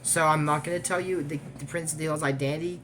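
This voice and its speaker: A man recapping an animated series in a casual, digressive way, trailing off with fillers and little laughs. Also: fairly high pitch, fast talker, slight background noise. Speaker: YouTube recap host. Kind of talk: casual rambling episode recap.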